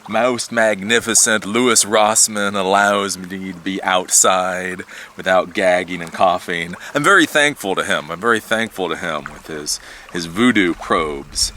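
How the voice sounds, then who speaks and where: Speaking low and unhurried with a sharp edge, this man hosts his own tech channel, and there's a bit of background noise. His outdoor vlog is a casual, lively solo ramble sprinkled with occasional swearing and laughter.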